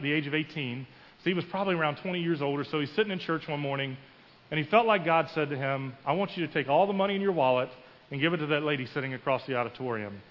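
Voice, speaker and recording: A man delivering a sermon, his voice sitting a little high as he tells a story and acts out the quoted voices with rising emphasis. The recording is muffled and washed in the long reverb of a large church hall. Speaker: pastor. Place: church sanctuary.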